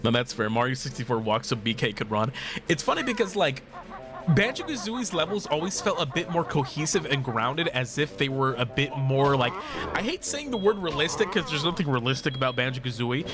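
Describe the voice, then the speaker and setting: A man's voice: mid-range voice, very animated, brisk. A young man chatting casually while streaming a video game, joking, laughing often and swearing. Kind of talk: casual gameplay livestream chat. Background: game music.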